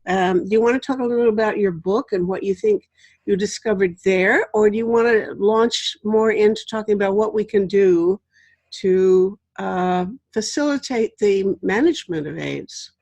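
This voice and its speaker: A woman's voice: mid-range voice, moderate pace, a little mellow, dry recording, lo-fi sound. An older woman hosting an interview show, chatting casually and laughing often with her guest. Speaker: host.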